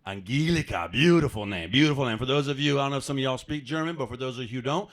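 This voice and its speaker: Talking fast in a mid-range voice, an American man performs stand-up at a comedy club. His delivery is conversational with the crowd, sprinkled with jokes at his own expense.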